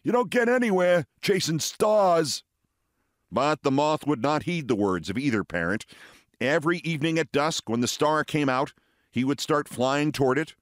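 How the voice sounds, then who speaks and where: A man in his sixties, a show host, reading fables aloud with expressive, theatrical storytelling. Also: medium pitch, no room sound, clean studio sound.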